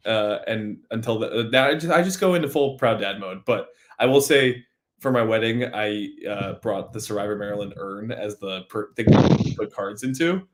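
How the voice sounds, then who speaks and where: Rambling young man, low voice. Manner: relaxed, rambling, chatty. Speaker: former host, guest. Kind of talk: casual chat.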